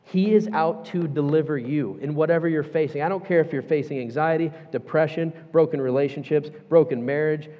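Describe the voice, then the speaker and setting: A man preaching in an echoey church auditorium, his voice sitting a little high for a man. He talks emphatically yet conversationally, dropping casual asides. The sound is slightly dull and muffled. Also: fairly quick, few pauses. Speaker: pastor. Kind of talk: sermon.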